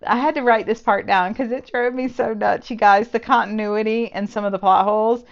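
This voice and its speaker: A woman's voice: fairly high pitch, steady tone, brisk, lo-fi sound. A woman giving a casual book review, sarcastic and exasperated as she picks apart plot holes.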